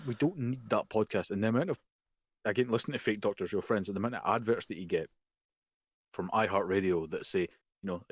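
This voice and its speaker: Fast-talking low-voiced man co-hosting a podcast. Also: slightly rough, no echo. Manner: fast, rambling, puts on mocking voices for jokes. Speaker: podcast co-host. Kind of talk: casual chat. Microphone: home mic over a voice call.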